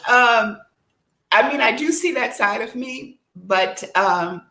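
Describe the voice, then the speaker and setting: Woman coach, high-ish voice, lively testimony storyteller who laughs a lot, echoey video-call sound. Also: slow. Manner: animated storyteller, laughs often, acts out quotes. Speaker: life coach. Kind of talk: virtual discussion, personal testimony.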